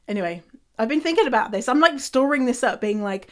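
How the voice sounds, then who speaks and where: A woman's voice: sits high, lively intonation, quick pace, a bit bright. A young British woman hosting a casual solo podcast, chatty and full of laughs and swearing. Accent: British English. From England. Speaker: podcast host.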